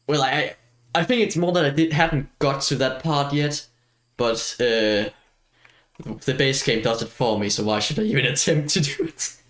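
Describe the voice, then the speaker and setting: A man's voice: mid-range voice, moderate pace, fairly bright tone. A man streaming a video game, chatting casually as he plays, rambling and self-mocking and laughing often. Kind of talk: casual gameplay chat.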